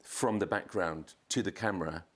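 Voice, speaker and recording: Low-voiced man telling a wild story. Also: moderate pace, husky. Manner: animated storyteller, swears, acts out quotes in a raised voice. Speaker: podcast guest, photographer. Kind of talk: casual anecdote telling.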